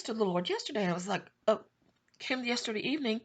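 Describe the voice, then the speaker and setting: A middle-aged woman giving an emotional personal testimony for her channel, repeating herself and rising to high pleading cries. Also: expressive, fast. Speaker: Christian YouTube prophetic channel host.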